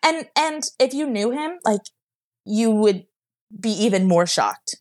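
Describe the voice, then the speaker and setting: A woman's voice: on the high side, lively intonation, a little slow, a little mellow. A young woman telling a personal story as a podcast guest. She rambles emotionally, with many fillers, and sounds close to tears at times.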